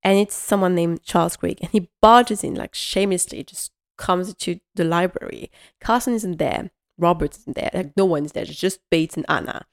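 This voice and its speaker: A woman's voice: lowish voice, moderate pace, vocal fry. A woman host chatting casually and enthusiastically through a TV episode recap, rambling with many fillers. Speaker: podcast host.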